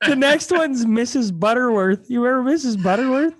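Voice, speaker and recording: A man's voice: very high voice, lively intonation, brisk. A man hosting a podcast, chatting casually and reading articles aloud to his guest. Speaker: podcast host. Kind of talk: casual chat.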